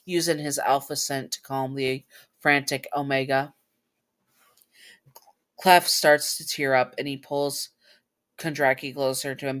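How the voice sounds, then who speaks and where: A woman's voice: extremely low pitch, fairly bright tone. Woman, fan fiction reader, casual read-aloud, stumbling, apologetic, self-correcting.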